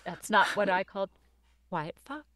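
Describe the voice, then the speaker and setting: A woman's voice: mid-range voice, lively intonation, moderate pace, fairly bright tone, no room sound. A woman player teasing and joking during a tabletop game. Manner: playful, teasing.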